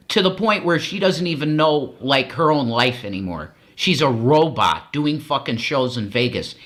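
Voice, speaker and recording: A man's voice: medium pitch, a bit bright. A man co-hosting a stream, ranting angrily with heavy profanity. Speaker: co-host of a streaming show. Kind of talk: ranting commentary.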